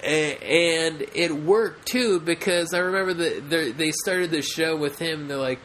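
Casual podcast man, slow and rambling, full of ums and restarts, faint noise behind. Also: on the high side, a bit bright. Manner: rambling, many fillers and restarts. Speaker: podcast co-host. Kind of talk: casual chat.

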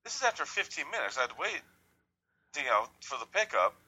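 A man's voice: medium pitch, sing-song, fairly quick, sharp tone, husky, poor audio. A man telling a rambling, profane, jokey story in casual chat.

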